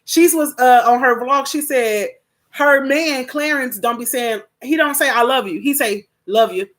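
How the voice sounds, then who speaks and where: A woman's voice: high-pitched, unhurried. Profane, laughing young woman tarot reader. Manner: blunt, profane, laughs loudly and often; casual slangy talk. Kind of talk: live-stream tarot reading.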